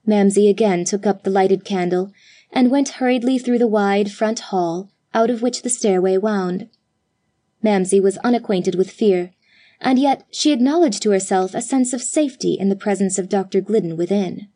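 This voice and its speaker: Mellow-voiced woman reading a storybook. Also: medium pitch. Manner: measured, expressive reading. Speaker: audiobook narrator. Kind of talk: scripted storybook narration.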